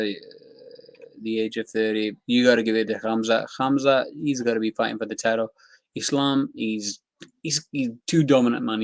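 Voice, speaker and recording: A man's voice: medium pitch, no echo. A young man giving casual, rambling commentary on fight news, talking loosely with slang and fillers.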